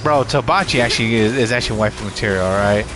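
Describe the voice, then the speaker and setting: A man's voice: fairly low pitch, fast, music in the background. A man livestreaming a game on a headset mic, chatting casually with viewers in a rambling, self-correcting way, with frequent swearing and laughter. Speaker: gaming livestreamer. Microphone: gaming headset.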